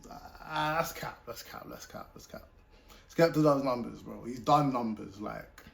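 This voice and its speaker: A British man hosting a reaction video, chatting casually and pausing a rap track to comment on it. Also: medium pitch, gravelly.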